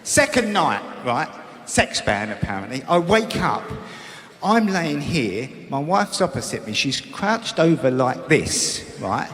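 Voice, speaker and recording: A man doing a brash stand-up routine on a comedy stage, breaking into loud put-on voices. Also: fairly high pitch, very animated, slow pace. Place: comedy venue stage with a live audience. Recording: echoey hall with loud audience laughter.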